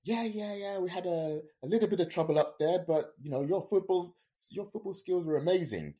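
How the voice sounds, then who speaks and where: A man's voice: mid-range voice, big pitch swings, measured pace, dark tone, pitched above the performer's own voice. A man voicing a cheerful, chatty male skydiving instructor in a breezy, upbeat manner. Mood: breezy, reassuring.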